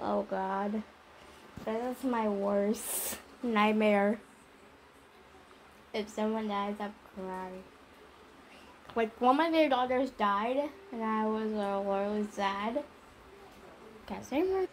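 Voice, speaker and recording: A woman hosting her channel, reading a story aloud and giving halting, emotional reactions between bursts of laughter. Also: mid-range voice, slight background noise. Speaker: channel host. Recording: music playing under the voice.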